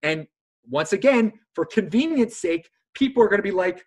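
A man hosting a casual chat, talking in an animated way and mocking others in a high voice. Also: fairly quick, breathy edge. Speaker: host.

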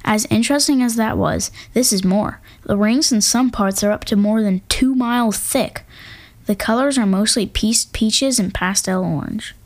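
A woman's voice: medium pitch, normal speed. Playful woman hosting an astronomy talk. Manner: playful, jokey asides, hums drum rolls. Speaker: podcast host. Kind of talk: casual educational narration. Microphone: home microphone.

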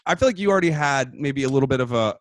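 A male comedian chatting casually with a fellow comic, swearing freely and getting animated as he tells stories. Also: medium pitch, very fast, no room sound. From Texas. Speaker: comedian, podcast host. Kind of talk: casual chat.

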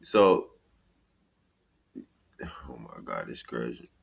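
A man with a New York accent hosting a casual podcast chat. He laughs often, swears freely and retells stories in an animated way. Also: a bass voice, takes it slowly, gravelly, slightly rough. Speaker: podcast host.

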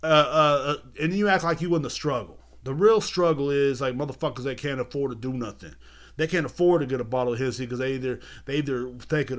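A young man rants casually on his home podcast. He swears nonstop and rambles, often repeating words and phrases. His voice sits at an ordinary middle pitch. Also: fast talker, a bit bright. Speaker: podcast host. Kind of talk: casual ranting monologue.

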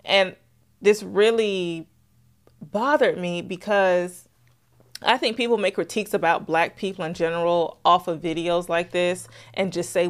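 A woman co-hosts a podcast in relaxed chat. Her voice sits fairly low, and she speaks earnestly, piling one point on top of the next. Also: a little slow. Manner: earnest, reflective, building an argument. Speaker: podcast co-host. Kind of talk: casual chat.

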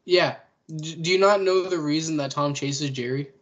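A young man co-hosting a casual podcast chat, playful and quick to tease. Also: fairly high pitch, muffled recording. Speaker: podcast co-host.

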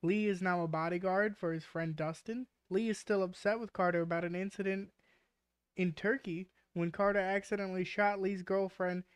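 A podcast host chats casually while running a word game, joking around, swearing freely and laughing as she reads. Her voice is medium-pitched, fairly even and clear with a resonant tone, delivered at normal speed with no echo.

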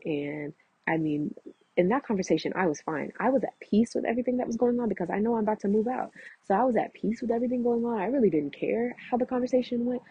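A woman's voice: fairly low pitch, breathy edge, no echo. A young woman vlogging, telling a long story casually and animatedly acting out what others said. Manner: animated, acts out quoted voices, many fillers. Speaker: vlogger recounting roommate conflict. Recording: muffled lo-fi audio.

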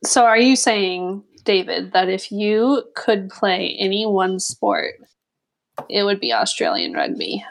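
A woman chatting on a podcast with a gravelly edge to her voice. She cracks wry, self-deprecating jokes in an easygoing way. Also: medium pitch, very animated, slow pace, low-quality recording. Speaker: podcast co-host. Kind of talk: casual chat.

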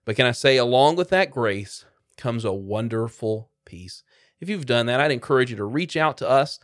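A man's voice: medium pitch, lively intonation, moderate pace, a bit bright, no room sound, studio quality. A man preaching a sermon, earnestly quoting scripture and pressing his listeners with questions. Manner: earnest, emphatic, quoting scripture in King James wording.

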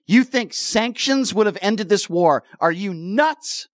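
Combative radio host, high dry voice. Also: male voice, lively intonation, takes it slowly, dry recording. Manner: combative, interrupting, repeats himself to hold the floor. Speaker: radio talk show host. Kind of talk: heated call-in radio argument. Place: radio studio. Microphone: studio microphone.

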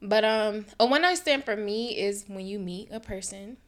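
A young woman co-hosting a relaxed podcast chat in a mid-range voice. She is playful, laughs often and talks in loose slang. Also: medium pitch, moderate pace. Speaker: podcast co-host. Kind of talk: casual chat.

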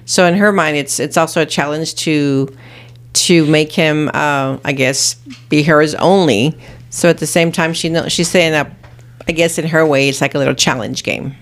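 A woman's voice: low voice, normal speed. A woman co-hosting a casual podcast, explaining people's motives on a reality show. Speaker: podcast co-host.

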